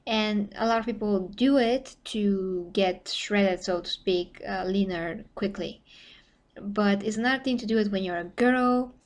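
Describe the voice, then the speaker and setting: A woman's voice: medium pitch, a little slow. A young woman from Bulgaria with a Bulgarian accent, chatting casually with viewers on a live stream, rambling and full of "you know" fillers, her voice getting tired from long talking.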